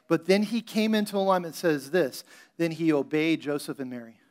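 A man's voice: on the high side, brisk. A male pastor preaching a sermon in a conversational style, acting out scenes. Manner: conversational preaching, acts out Bible scenes with playful voices.

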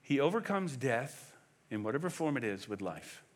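A man preaching a sermon as pastor, emphatic and animated, firing off rhetorical questions. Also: mid-range voice, normal speed.

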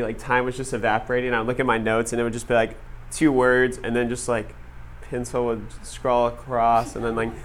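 A man telling a story to an audience in a casual, animated way, full of "like" fillers. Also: medium pitch, a little hiss or hum. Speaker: speaker addressing an audience. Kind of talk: storytelling talk to a live audience.

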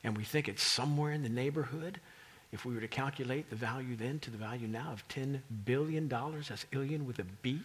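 A man's voice: mid-range voice, brisk. A male pastor preaching a sermon as a dramatic storyteller, often dropping into whispers for emphasis.

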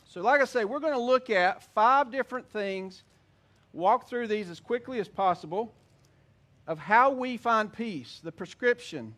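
High-voiced man preaching a sermon. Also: lively intonation, fairly bright tone. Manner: earnest preaching with slow emphatic scripture reading. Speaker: pastor.

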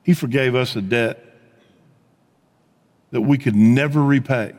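A man preaching a sermon as pastor, telling stories in a conversational way and dropping to a hush on key points. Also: medium pitch, measured pace, big-room sound. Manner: conversational storytelling preacher, swings from animated to hushed.

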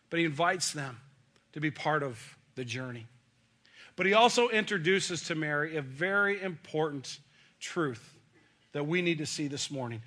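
A man's voice: fairly high pitch, bright, forceful tone. A middle-aged male pastor preaching a sermon in a folksy, joking, conversational way.

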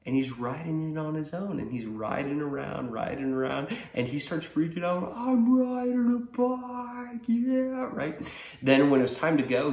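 A man preaching a sermon as pastor, telling a story with lively acted-out voices and frequent laughs. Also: mid-range voice, creaky, reverberant. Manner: animated storyteller, acts out voices, laughs often.

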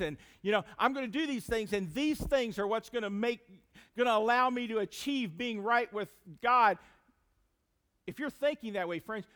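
A pastor preaching a sermon, speaking with emphatic rises and drops and addressing the congregation directly as friends. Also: male voice, extremely high pitch, a bit bright, clean tone.

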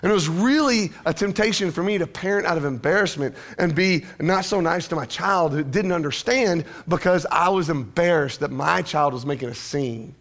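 A man's voice: a little high, normal speed, hardly any pauses, fairly bright tone. A male pastor preaching a sermon in a church, with a conversational manner and joking asides to the congregation.

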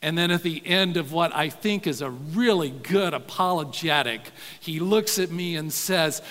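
A man preaching a sermon, telling stories in a folksy way, sometimes quiet and sometimes animated. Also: on the high side, normal speed, hardly any pauses. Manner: folksy, says y'all, soft-spoken then animated. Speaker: pastor. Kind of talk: sermon storytelling. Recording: long hall reverb.

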